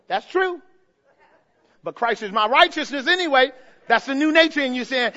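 A man preaching a sermon as pastor, swinging from soft asides to impassioned shouts. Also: very high voice, lively intonation, a little fast, muffled recording.

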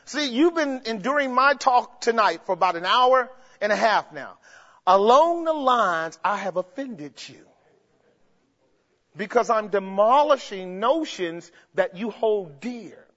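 A man preaching a sermon, emphatic, swinging between shouts and low murmurs and asking the congregation rhetorical questions. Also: animated, measured pace. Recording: dull sound with long hall reverb.

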